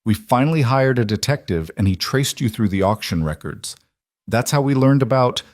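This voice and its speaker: A man's voice: mid-range voice, lively intonation, normal speed, a little mellow, dry recording, clean studio sound, pitched above the performer's own voice, natural voice. Margaret, a man voicing a bitter aunt. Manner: bitter, emotional. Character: middle-aged aunt, bitter and desperate.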